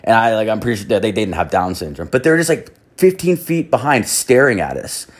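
A man's voice: on the low side, animated, fairly quick. A young man telling a long, profane, rambling anecdote, full of fillers and swearing. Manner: crude, filler-heavy, swears constantly. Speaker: storyteller.

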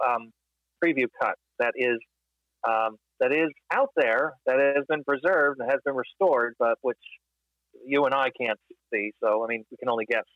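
A man discusses film history in a casual podcast, thoughtful and measured, often pausing on fillers. His voice sits in a middle range and sounds dry and close. The recording is a little dull and lo-fi. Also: mid-range voice, no room sound.

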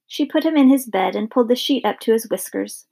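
A woman reads an audiobook chapter aloud. Her voice is slightly high, husky and touched with fry. She tells the story evenly and steadily. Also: lively intonation, brisk, warm tone. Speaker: audiobook narrator. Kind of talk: scripted narration.

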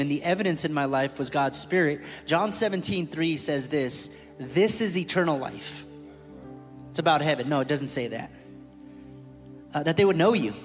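A man giving a candid, storytelling testimony from a church stage, joking with the room. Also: fairly high pitch. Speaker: church staff speaker. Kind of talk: testimony sermon. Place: church sanctuary. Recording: reverberant hall with music.

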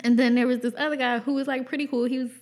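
A woman's voice: sits high, level tone, rapid-fire. A young woman hosting a casual podcast, telling a profane, laughing childhood story and acting out the people in it. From Pennsylvania. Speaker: podcast host.

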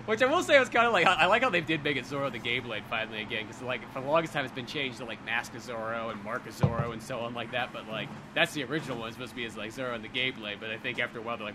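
A man's voice: medium pitch, racing, few pauses, noisy background. A man co-hosting a casual podcast chat, who swears freely and stammers through restarts.

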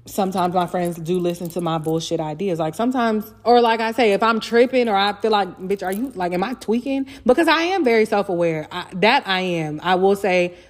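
A woman's voice: medium pitch, a little fast, hardly any pauses. A young adult woman hosting her own podcast, talking candidly and casually in a chatty, profane solo monologue. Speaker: podcast host.

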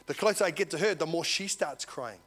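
Aussie pastor guy preaching, a bit high voiced, animated, keeps asking amen. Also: fairly quick. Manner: animated storytelling, acts out dialogue, asks congregation "Amen?". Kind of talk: sermon.

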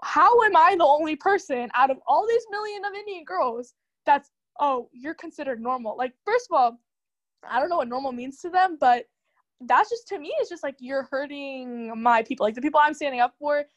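A young woman as the guest in a casual chat, talking quickly and animatedly with many "like" fillers. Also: high voice, animated, highs cut off.

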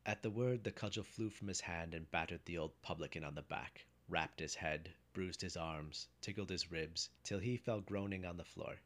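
A man with a very deep voice reads an old folk tale aloud. His delivery is measured and steady, the manner of a practiced storyteller. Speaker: narrator.

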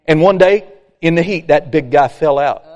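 A man preaching a sermon, folksy and animated, acting out complainers. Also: a little high, moderate pace, muffled recording. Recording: long hall reverb.

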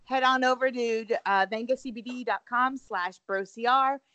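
Woman, podcast co-host, casual chat, upbeat, fairly high voice, dry close sound. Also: normal speed, bright, forceful tone, no room sound. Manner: chatty, upbeat, filler-heavy.

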